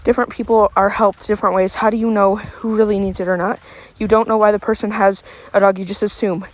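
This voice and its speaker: A woman's voice: medium pitch, flat delivery, quick pace, poor audio. A woman reading comments aloud and rebutting them indignantly while out walking her dog, out of breath. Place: outdoors on a street walk. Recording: faint street noise, passing cars.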